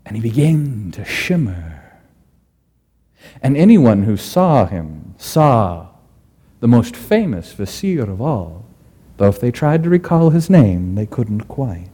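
A man telling a folk tale aloud in a playful, animated way, swinging from whispers to bursts. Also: medium pitch, slow, husky. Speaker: storyteller. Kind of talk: oral storytelling.

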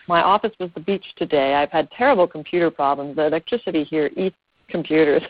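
Over a video call on her phone, a woman yoga teacher with a low voice talks fast, earnestly meandering with plenty of fillers. The recording is dry and tinny, like a phone call.

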